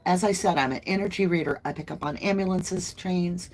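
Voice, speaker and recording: A woman with a low-ish voice speaks fairly quickly while hosting a casual tarot reading livestream. She's chatty and folksy, calling her viewers "y'all."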